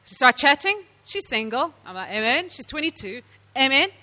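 Lively high-voiced woman preaching in a hall. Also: moderate pace. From South Africa. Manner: animated storytelling with laughs. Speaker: women's ministry speaker. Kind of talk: sermon to women.

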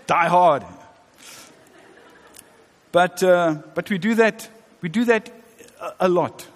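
A man's voice: sits high, takes it slowly. A man in his fifties preaching a sermon in a church, conversational and joking with the congregation. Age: 50s. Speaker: pastor. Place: church hall. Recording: reverberant church hall.

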